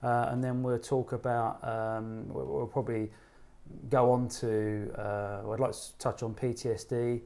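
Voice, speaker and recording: Male host, warm low tone, halting delivery with fillers. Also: flat delivery. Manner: hesitant, many ums and repeated words. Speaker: podcast host. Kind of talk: casual interview.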